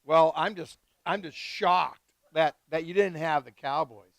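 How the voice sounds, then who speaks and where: A man hosting a live wine tasting, chatting casually and excitedly with guests and swearing freely. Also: fairly high pitch, a little slow, vocal fry, dry recording. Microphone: live stream mic.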